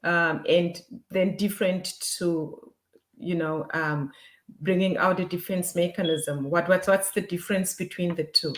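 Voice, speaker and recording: A woman's voice: on the low side, steady tone, unhurried, a little hiss or hum. A woman co-hosting a talk show, steadily leading segments and posing questions to listeners. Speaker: co-host.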